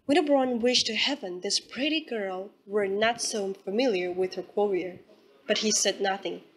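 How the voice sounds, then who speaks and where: Woman calmly narrating a classic novel. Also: mid-range voice, moderate pace, breathy edge, low-quality recording. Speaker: audiobook reader. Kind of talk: scripted narration.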